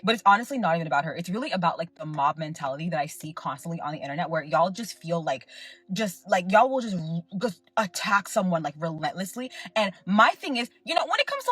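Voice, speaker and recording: A woman's voice: on the low side, sing-song, fast talker, fairly bright tone, slightly rough, dry recording. A young woman hosting her own show, giving an emphatic, rambling commentary full of filler words. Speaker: podcast host and content creator. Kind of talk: casual commentary rant.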